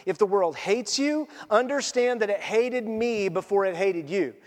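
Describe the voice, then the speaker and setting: High-voiced preaching man in echoing hall. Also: animated, measured pace. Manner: earnest, conversational preaching with quoted asides. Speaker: pastor. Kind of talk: sermon.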